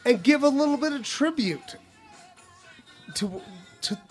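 A woman co-hosting a casual geek chat, excitable and quick to laugh, swearing freely as she gushes. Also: high voice, faint music behind. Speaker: podcast co-host.

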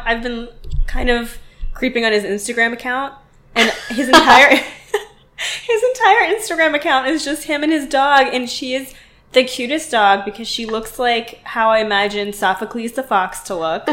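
A woman's voice: fairly high pitch, moderate pace, fairly bright tone. A woman from Pittsburgh co-hosting a casual podcast chat, bubbly and giggly, with eager enthusiasm. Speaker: podcast co-host.

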